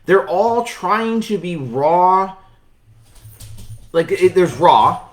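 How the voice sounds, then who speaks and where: A man's voice: high voice, expressive, extremely slow. A man co-hosting a wrestling podcast, talking bluntly and profanely in a rambling, casual way. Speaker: podcast co-host.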